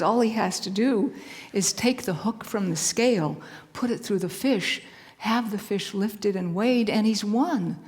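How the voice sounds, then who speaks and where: A woman telling a story in a soft, hushed voice that often drops to a whisper, with a repeating, rhythmic cadence. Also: mid-range voice, in a large hall. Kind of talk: slow spoken-word storytelling.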